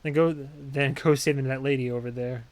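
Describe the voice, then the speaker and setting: A man's voice: mid-range voice, fairly even intonation, moderate pace, dry recording, lightly acted. A man voicing a laid-back, friendly young male raccoon detective in a game. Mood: easygoing.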